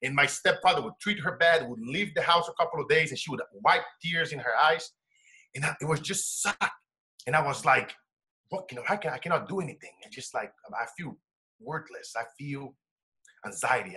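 A man from Brazil, an interview guest and coach telling his life story with animated shifts between hushed tones and loud laughing bursts. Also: mid-range voice, moderate pace. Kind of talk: emotional storytelling in conversation.

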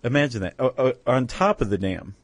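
A man's voice: medium pitch, big pitch swings, brisk, dry recording. A man co-hosting a podcast, explaining step by step in casual chat and often checking in with "right?". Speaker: podcast co-host.

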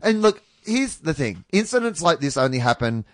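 A man's voice: a little high, sing-song, normal speed, fairly bright tone, no room sound, studio quality. An Australian man co-hosting a football podcast, riffing playfully on hypotheticals in casual chat. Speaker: podcast co-host.

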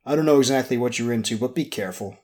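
A man's voice: mid-range voice, rapid-fire, a little mellow, close to an everyday voice. A man voicing a pleasant, cautious male boss in an audiobook. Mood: genial. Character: genial male boss, smooth and slightly hollow.

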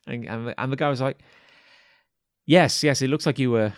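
A man's voice: mid-range voice, expressive, brisk, long pauses, no room sound, clean studio sound. A man co-hosting a podcast, telling a long anecdote in casual chat, stumbling over restarts and acting out what others said. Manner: rambling anecdote with stammered restarts and acted quotes. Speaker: podcast co-host.

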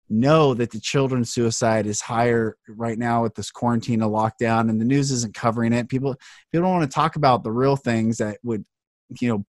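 A man's voice: medium pitch, a little mellow, dry recording, studio quality. A man hosting a podcast, speaking earnestly and with passion in a heartfelt conversation. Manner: earnest, impassioned. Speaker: podcast host.

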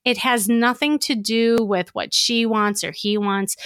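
A middle-aged woman, a dating coach, giving casual advice in an animated, upbeat way, chatty and full of fillers. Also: fairly high pitch, a little slow, clean tone, dry recording, studio quality.

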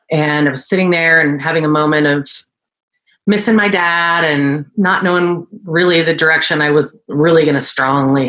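A woman with a low voice tells her story in a relaxed interview. She is in her forties and works as an esthetician. She gets animated and jumps into a higher pitch when she quotes other people. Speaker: guest, esthetician and entrepreneur.

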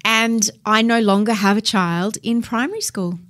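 A woman's voice: on the high side, steady tone, moderate pace, fairly bright tone. Middle-aged woman, reflective. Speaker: podcast co-host. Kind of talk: casual podcast chat.

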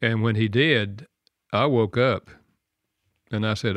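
An older man, a guest author on a radio talk show, telling a personal story in an earnest, soft-spoken way and laughing at himself. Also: fairly low pitch, slow, long pauses, no room sound. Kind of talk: conversational storytelling.

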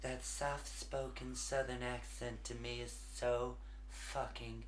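A man co-hosting a casual comedy podcast, excitable and crude. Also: medium pitch, slight background noise. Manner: excitable and crude, quick to laugh. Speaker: podcast co-host. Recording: echoey room.

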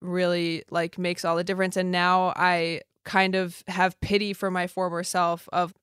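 Smooth low-voiced young woman, dry sound. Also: little pitch movement, normal speed, fairly bright tone, dry recording. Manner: earnest, reflective, filler-heavy. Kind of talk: casual chat.

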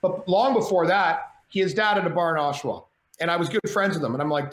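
A middle-aged man tells a story on a podcast, animated and self-mocking, acting out every line of dialogue. His voice sits a little high. The room is echoey, with a faint hum of ambience behind him. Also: fairly quick. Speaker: podcast guest, entrepreneur. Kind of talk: storytelling in casual chat. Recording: roomy echo, faint ambience.

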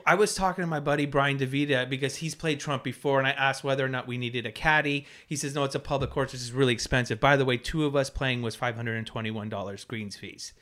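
A man's voice: mid-range voice, steady tone, quick pace, few pauses, a bit bright. A man co-hosting a podcast, chatting casually and plainly recounting the details. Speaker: podcast co-host. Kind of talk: casual chat.

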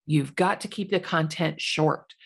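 A woman's voice: deep voice, unhurried, vocal fry, breathy edge. A woman in her forties, a realtor, giving chatty, self-deprecating advice in a solo podcast.

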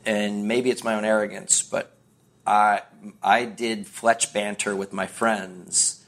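A man's voice: lowish voice, level tone, takes it slowly, a bit bright. A middle-aged American man, a podcast guest, rambling through anecdotes and acting out voices as he tells them. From United States. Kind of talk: casual podcast chat.

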